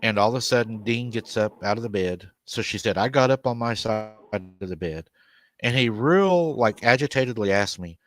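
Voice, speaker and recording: Speaking at a moderate pace in an animated, fairly low voice, a man hosts a paranormal program. He narrates a family's haunting as told to him in an interview, drawing it out and repeating "she said" constantly.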